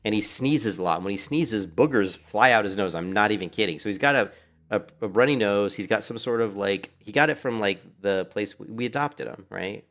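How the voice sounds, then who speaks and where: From his home in Florida, a middle-aged man streams a game and keeps up relaxed chatter as he plays. His low-leaning voice is fairly bright and brisk, and he rambles through stories, swearing freely.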